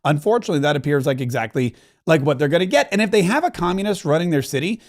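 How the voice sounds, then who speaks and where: Middle-aged male host, high-pitched voice, emphatic and rambling commentary. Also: animated, rapid-fire. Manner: emphatic, rambling, self-correcting. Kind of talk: opinionated talk-show monologue.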